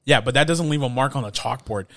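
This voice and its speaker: A man's voice: medium pitch, fast talker, fairly bright tone, no room sound. Laid-back man chatting on a podcast. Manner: laid-back, chuckling, trails off mid-sentence. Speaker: podcast co-host. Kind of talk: casual film chat.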